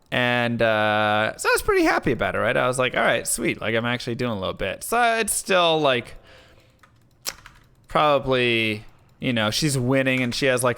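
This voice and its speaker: Bright-voiced male streamer telling a story. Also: medium pitch, clean tone. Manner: rambling, filler-heavy, animated retelling. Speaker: live streamer. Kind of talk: casual storytelling while gaming.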